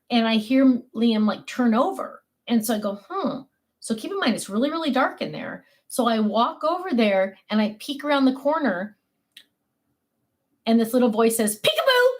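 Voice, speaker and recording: An older woman hosting a crafting livestream, chatting casually to her viewers and telling animated family stories. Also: on the high side. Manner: chatty, animated storytelling with laughs.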